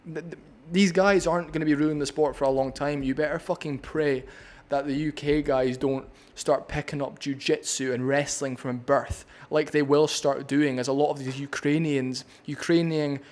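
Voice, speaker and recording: A man's voice: fairly high pitch, fairly even intonation, normal speed, a little mellow. A man with a Scottish accent breaking down a fight on his vlog, blunt, opinionated and profane. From Scotland. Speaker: MMA commentator.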